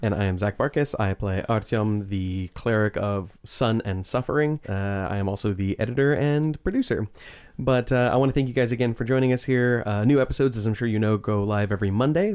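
A man's voice: on the low side, fairly quick, a little mellow, clear, resonant tone. A man wrapping up a tabletop podcast in a laid-back, rambling way. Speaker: podcast producer and player. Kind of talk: casual chat.

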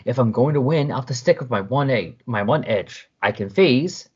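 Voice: mid-range voice, expressive, normal speed, husky. A podcaster voicing a fierce young heroine who scolds and commands, heard through a dull lo-fi recording. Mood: determined. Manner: defiant, scolding. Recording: dull lo-fi sound.

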